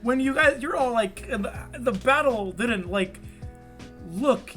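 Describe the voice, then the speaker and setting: Animated young man, bright voice. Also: very high voice, slow pace, faint music behind. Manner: animated, swears a lot, rambling with many fillers. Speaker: podcast co-host. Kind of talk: casual chat. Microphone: remote call mic.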